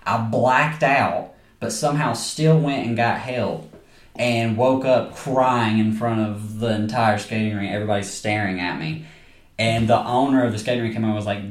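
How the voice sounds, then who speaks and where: A man's voice: fairly low pitch, moderate pace, distant mic. A man co-hosting a casual comedic movie podcast, joking and laughing often with plenty of swearing. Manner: animated, laughs often, profane. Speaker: podcast co-host. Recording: roomy echo, off-mic.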